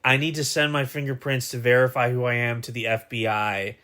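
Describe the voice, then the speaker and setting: A man from the United States in his thirties, co-hosting a podcast in easygoing, halting casual chat. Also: mid-range voice, level tone, pushed and bright. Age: 30s. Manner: easygoing, halting, explains at length. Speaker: podcast co-host.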